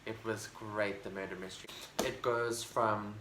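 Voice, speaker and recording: A fairly low-pitched man with flat delivery and a moderate pace chats loosely about his favorite books for his vlog. He's enthusiastic and rambling, with plenty of fillers and restarts, recorded in a home room with a bookshelf amid roomy echo and faint background noise.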